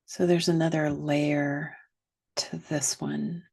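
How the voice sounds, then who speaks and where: A woman teaching a guided reflective lesson, slow and gentle, sometimes dropping to a soft whisper. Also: low-pitched, flat delivery, vocal fry, slightly rough. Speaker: wellness teacher.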